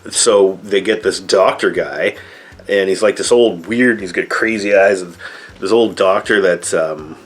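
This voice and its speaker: A man's voice: low-pitched, a little slow, husky. A middle-aged man giving a rambling, sarcastic and profane movie review. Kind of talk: casual spoken movie review.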